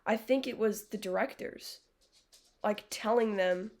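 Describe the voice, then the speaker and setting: A woman's voice: medium pitch, measured pace. A young adult woman live-streaming, chatting casually with viewers in a blunt, sarcastic way, swearing freely. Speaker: livestreamer.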